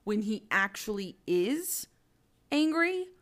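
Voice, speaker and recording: A woman's voice: mid-range voice, big pitch swings, a bit bright. A young woman co-hosting a podcast, discussing a book casually with eager reactions and frequent laughter. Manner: enthusiastic, laughs often, quick reactions. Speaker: podcast co-host.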